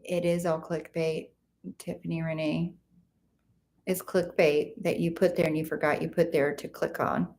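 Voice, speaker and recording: A woman's voice: low-pitched, little pitch movement, normal speed, a little mellow. A woman hosting a casual livestream, greeting viewers and reading their comments aloud in a chatty, friendly way. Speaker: livestream host.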